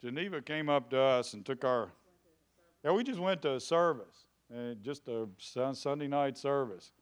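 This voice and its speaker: A male pastor preaches a lively sermon in church, calling out congregation members by name and building to loud shouts. His voice is smooth and medium-pitched, his pace moderate.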